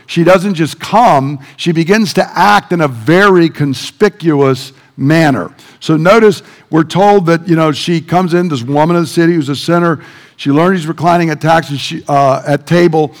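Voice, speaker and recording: A man preaching a sermon, retelling a Bible story vividly and building emphasis as he goes. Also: fairly high pitch.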